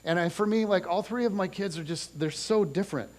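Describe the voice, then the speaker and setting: A man's voice: high-pitched, brisk. A man in his forties preaching a sermon in a church, talking in a loose, conversational way and telling family stories with lots of restarts. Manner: conversational, animated storytelling with restarts. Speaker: pastor. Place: church auditorium.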